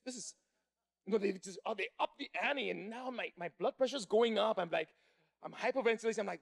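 High gravelly-voiced man doing stand-up. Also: fast. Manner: animated, building to shouting in excitement. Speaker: stand-up comedian. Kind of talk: stand-up storytelling to a live crowd.

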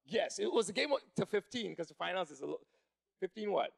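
High gravelly-voiced man doing stand-up. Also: fast. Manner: animated, building to shouting in excitement. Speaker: stand-up comedian. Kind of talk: stand-up storytelling to a live crowd.

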